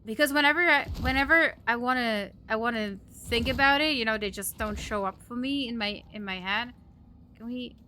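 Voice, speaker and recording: A woman's voice: on the high side, normal speed, pushed and bright, a little hiss or hum. A woman live streamer chatting casually with her viewers while gaming, giggly and chatty as she thanks them and reacts to chat.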